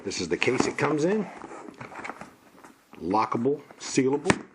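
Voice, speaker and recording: A man's voice: mid-range voice, very animated, a little slow, heavy background noise. A man casually walking through an unboxing, listing parts in a plain, matter-of-fact way. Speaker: gun reviewer.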